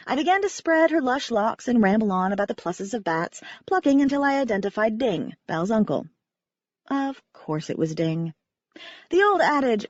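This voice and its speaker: A woman narrating a first-person audiobook in a wry, animated manner. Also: medium pitch, normal speed, no room sound, muffled recording.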